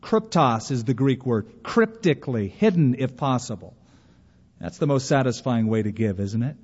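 A man's voice: mid-range voice, lively intonation, normal speed, darkish tone, breathy edge. A man preaching a sermon in a folksy manner, acting out the voices of the people he quotes. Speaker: pastor. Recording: dull, long church reverb.

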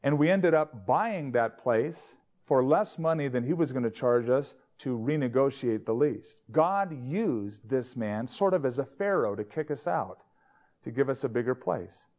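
A man's voice: medium pitch, lively intonation, measured pace, a little mellow. A male pastor preaching a sermon in a conversational, anecdotal storytelling manner.

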